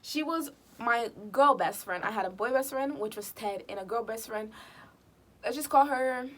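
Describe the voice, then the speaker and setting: A woman vlogger telling a personal story in a casual, slangy, animated way. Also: fairly high pitch, moderate pace. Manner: animated, slangy, acts out quotes of others.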